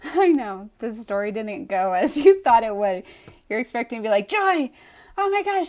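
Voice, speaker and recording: Earnest young woman gushing to her readers. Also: mid-range voice. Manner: gushing, earnest, with soft laughs and trailing starts. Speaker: author talking to readers. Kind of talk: heartfelt live stream chat.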